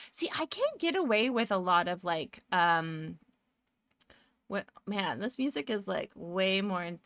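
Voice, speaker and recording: Bright, chatty woman streamer. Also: mid-range voice, no room sound, clean studio sound. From Toronto, Canada. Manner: rambling, jokey, laughs often. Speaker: livestream host. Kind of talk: casual livestream chat while doing pixel art. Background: faint music.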